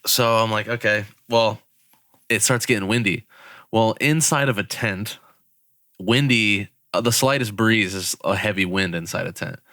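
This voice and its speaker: A man's voice: on the low side, moderate pace, no room sound, studio quality. A young man, a podcast co-host, casually telling a story with frequent laughter and swearing. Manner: laughing, swearing, animated retelling.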